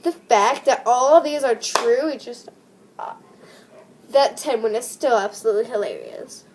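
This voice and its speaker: A young woman reads short creepy stories to her viewers in a relaxed, chatty way. Her voice sits a little high, and she keeps stopping to gasp, laugh and react. The delivery is casual and unpolished. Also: moderate pace, slight background noise. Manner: animated, gasping and laughing reactions between readings. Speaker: vlogger reading creepy stories.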